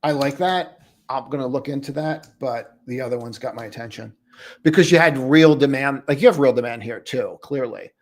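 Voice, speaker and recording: Chatty male streamer, relaxed coaching banter, average pitch, calls viewers buddy. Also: moderate pace. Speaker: trading coach hosting a live stream. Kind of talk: casual live-stream commentary.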